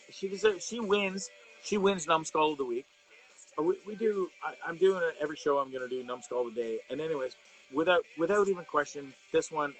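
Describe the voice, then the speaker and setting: A middle-aged man with a fairly high voice hosts a casual live stream. He rambles through fillers and false starts and rants with plenty of swearing. Faint music plays under his talk. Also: a bit bright, low-quality recording. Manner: ranting, profane, rambling with fillers and restarts; reads viewer comments aloud. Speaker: live show host.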